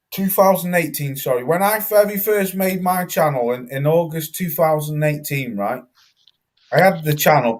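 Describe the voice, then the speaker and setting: A man hosting a live boxing talk stream, emphatic and swearing, repeating words for stress. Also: a little high. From Britain. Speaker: host.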